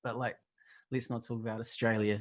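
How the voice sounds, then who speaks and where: A man with a New Zealand accent hosts a stream, chatting casually in a laid-back, rambling way full of fillers. His mid-range voice is level and brisk.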